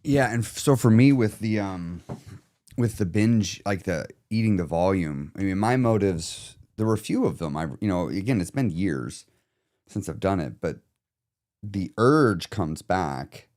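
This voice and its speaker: A man's voice: deep voice, lively intonation, unhurried, darkish tone. A man who coaches clients through emotional eating, talking candidly and reflectively in a casual podcast chat, now and then swearing.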